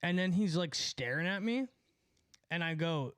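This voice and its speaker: A man telling a profane, animated story on a live stream, a bit out of breath. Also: a little high, moderate pace, no room sound. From California. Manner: animated, profane, jumps between story and asides.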